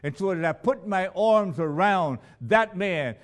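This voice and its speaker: A man preaching a sermon at an unhurried pace. His pitch rises and falls widely, from booming emphasis down to near-whispered lows. He sounds like a missionary telling stories from the pulpit. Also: expressive. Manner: dramatic storytelling, swings between loud emphasis and hushed lows.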